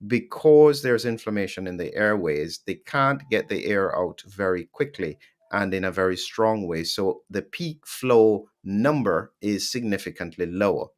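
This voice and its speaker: A man's voice: fairly low pitch, expressive, unhurried, few pauses. A man hosting an interview, asking careful, probing questions and recapping points for listeners. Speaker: interview host.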